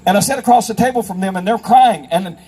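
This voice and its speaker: Before a live audience, a middle-aged man who investigates federal cases gives a storytelling talk on child safety, emphatically voicing the characters in his anecdotes. He speaks fast in a high, warm voice with a breathy edge, and the recording is rough.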